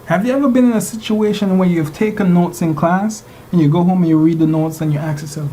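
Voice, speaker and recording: A man's voice: high-pitched, fairly quick, few pauses, warm tone, slight background noise, poor audio. A man teaching a class, lecturing and regularly putting rhetorical questions to his students. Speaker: instructor.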